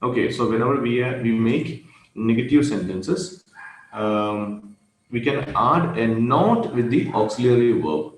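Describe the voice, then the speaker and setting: A man giving an online grammar lesson, speaking slowly and repeating key phrases with pauses. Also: mid-range voice, lively intonation. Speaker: grammar teacher. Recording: roomy echo with faint noise.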